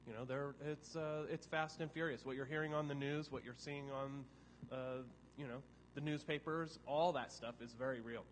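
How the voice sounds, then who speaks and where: A man at a mid pitch answers as a guest in a comic improvised interview, dry and matter-of-fact. The long reverb of a large hall hangs on his words. A faint hiss of noise sits behind him. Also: fairly even intonation, moderate pace. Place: large hall with a live audience.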